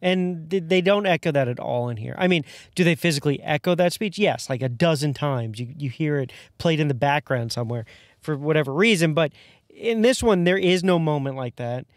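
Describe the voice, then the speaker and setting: A man chatting casually about films, animated, stumbling and restarting with lots of "like" and "you know". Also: a little high, fairly quick, no echo, clean studio sound. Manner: filler-heavy, restarts sentences, animated opinions. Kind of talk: casual movie review chat.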